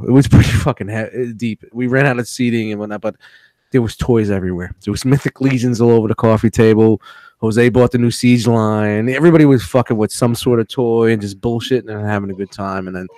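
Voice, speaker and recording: A man's voice: medium pitch, darkish tone, no echo. A man co-hosting a podcast, swearing freely in casual chat as he tells stories animatedly. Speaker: podcast co-host.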